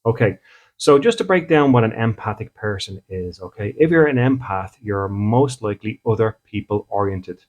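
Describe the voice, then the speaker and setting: An Irish spiritual medium and podcast host speaks casually to his audience, acting out little dialogues and frequently checking in with "okay?". His voice is on the low side and animated, at normal speed, and the recording has its highs cut off.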